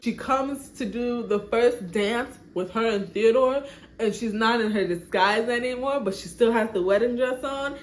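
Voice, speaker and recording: A woman in a chatty, animated storytime, narrating her life-sim game and often laughing. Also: a little high. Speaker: vlogger. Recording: echoey room, faint background noise.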